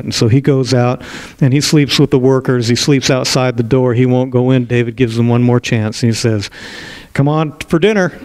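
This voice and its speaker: Brief: male pastor, mid-pitch voice, storytelling sermon, casual restarts. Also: a little mellow, no echo, poor audio. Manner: narrative storytelling with small restarts.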